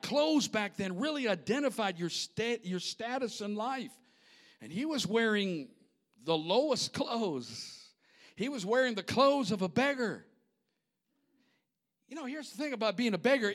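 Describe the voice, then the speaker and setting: Man pastor with a high voice, preaching with passion, hushed one moment and shouting the next. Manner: impassioned, swinging from hushed storytelling to shouting. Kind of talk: sermon.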